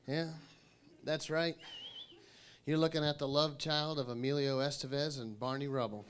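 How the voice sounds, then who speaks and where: A man performing a stand-up set, telling punchy stories and slipping into quick impressions. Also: on the high side, noisy background. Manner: punchy storytelling, animated impressions of people. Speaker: stand-up comedian.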